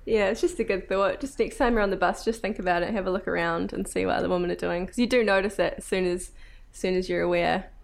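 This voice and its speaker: A woman's voice: medium pitch, fairly even intonation, fast talker, vocal fry. A young woman with a New Zealand accent hosting a casual chat, telling stories and laughing often. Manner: chatty storyteller, laughs often. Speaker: podcast host.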